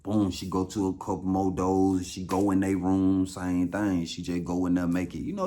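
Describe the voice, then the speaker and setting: Low-voiced Atlanta man, casual slangy storyteller, animated. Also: normal speed, hardly any pauses. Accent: Southern US, Atlanta. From Atlanta, USA. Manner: slangy, animated, repeats for emphasis.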